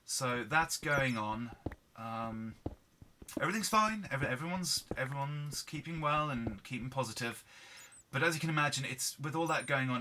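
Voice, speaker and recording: Subdued man, very bright timbre, candid gameplay chat. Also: mid-range voice, a little hiss or hum. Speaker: gaming video host. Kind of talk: casual gameplay commentary.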